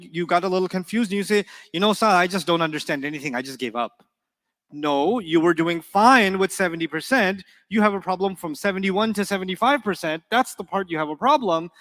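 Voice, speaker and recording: Animated male teacher in a reverberant hall. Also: a little high. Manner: animated, asks the class questions. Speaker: Arabic teacher. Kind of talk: classroom lecture.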